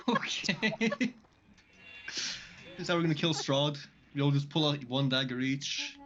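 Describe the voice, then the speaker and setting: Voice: medium pitch, big pitch swings, unhurried, a bit bright, dull audio, soft background music. A person playing a tabletop game, giggly and self-mocking. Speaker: player. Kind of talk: casual tabletop game chat.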